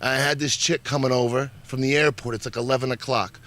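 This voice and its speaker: A man's voice: medium pitch, fairly even intonation, fairly quick, a bit bright. A man telling a story on a casual talk show in a blunt, profane, jokey way.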